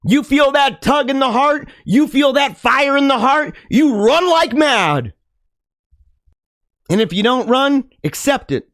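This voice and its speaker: Man, impassioned monologue, dramatic, preachy, lively high voice, dry recording. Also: takes it slowly, no room sound. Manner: preachy, dramatic, laughs often, swings from loud to hushed. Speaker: podcast host.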